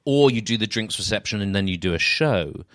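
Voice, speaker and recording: A man's voice: lowish voice, animated, brisk, a bit bright, no room sound, studio quality. A man hosting a podcast, a fellow magician who talks reflectively and often restarts his sentences. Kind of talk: casual podcast conversation.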